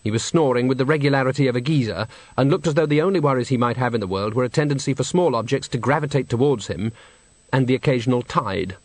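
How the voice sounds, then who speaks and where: A man's voice: medium pitch, fast, no echo. A man reading an audiobook, narrating expressively and wryly. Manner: expressive, wry storytelling. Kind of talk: audiobook reading with character voices.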